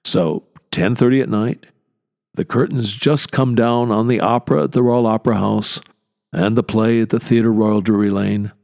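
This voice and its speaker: An older man giving a measured, deliberate spoken lecture, explaining things carefully. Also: on the low side, fairly even intonation, gravelly, darkish tone.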